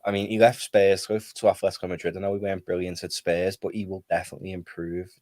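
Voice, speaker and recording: A man's voice: sits low, level tone, fast, a little mellow, no room sound, studio quality. A man speaking as a guest on a football chat stream, thinking aloud and hedging with "I feel like".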